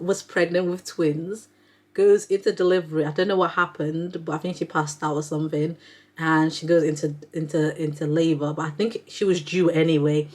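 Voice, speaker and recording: A young adult woman chatting casually about books she read, rambling and filling her talk with "like". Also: deep voice. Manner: chatty, rambling, heavy use of "like" fillers. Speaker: book reviewer, neonatal nurse. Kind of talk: casual book review chat.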